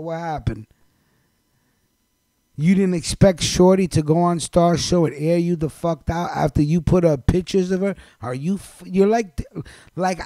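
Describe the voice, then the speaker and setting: A man's voice: high voice, dark tone, no room sound. A man hosting a live show, scolding someone directly in a blunt, profane rant. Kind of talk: ranting monologue on a live stream.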